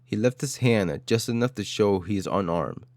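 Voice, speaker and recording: A man's voice: on the low side, lively intonation, normal speed, darkish tone, no room sound, studio quality. A man narrating an audio story in a dramatic style, with short, clipped phrases.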